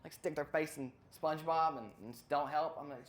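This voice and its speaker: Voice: mid-range voice, steady tone, fairly quick, a little hiss or hum. A stand-up comedian who rambles through a routine, often losing their place and cutting in on themselves. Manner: rambling, loses place and self-interrupts.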